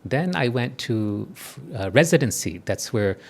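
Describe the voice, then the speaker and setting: A man in his fifties giving a spiritual talk to a live audience, conversational and often checking in with listeners through quick tag questions. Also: mid-range voice, animated, creaky, a little mellow, a little hiss or hum. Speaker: spiritual speaker.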